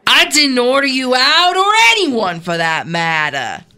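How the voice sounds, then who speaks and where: A woman voicing a nervous male casino boss, talking slowly in a put-on voice with an accent that keeps shifting. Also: on the high side, animated, pushed and bright. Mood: defensive. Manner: slow, drawling, wavering, accent shifting between put-on voices. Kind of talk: comic movie-scene reenactment.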